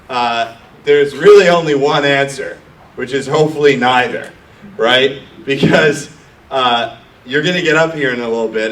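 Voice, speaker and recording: A man's voice: mid-range voice, fairly bright tone, slight background noise. A middle-aged man coaching startup founders in a blunt, profane, mocking live talk to an audience. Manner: brash, profane, mocking, acts out nervous founders. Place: room with an audience. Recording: echoey room from far off.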